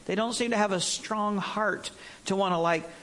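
A man preaching a sermon, telling stories in an animated way. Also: high-pitched, normal speed. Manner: animated storytelling, acts out voices.

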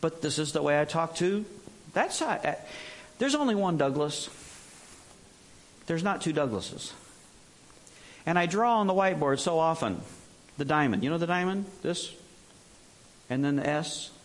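Middle-aged guy preaching like he's just chatting, kinda high voice, jokey, does big over-the-top impressions now and then. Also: lively intonation, measured pace, pauses often. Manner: conversational, jokey, mimics others in exaggerated bursts. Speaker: pastor. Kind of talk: sermon.

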